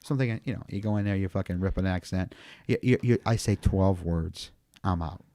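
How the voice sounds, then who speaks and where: Man, funeral home owner, casual podcast guest, rambling, profane, lowish voice. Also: brisk, mellow, no room sound, clean studio sound.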